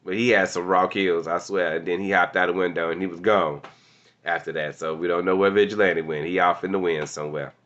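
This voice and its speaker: A man's voice: low-pitched, brisk, lo-fi sound. Laughing, slangy man recapping an episode. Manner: excitable, laughs often, slangy and animated. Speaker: TV show reviewer.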